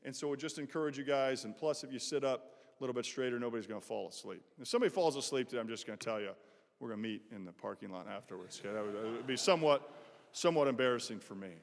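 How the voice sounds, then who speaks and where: A man gives a casual, direct motivational talk to students in a large college chapel, joking with the crowd as he goes. His voice sits at a middling pitch. The hall adds a long, ringing reverb. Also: very fast, gravelly. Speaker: guest speaker, former pro football player.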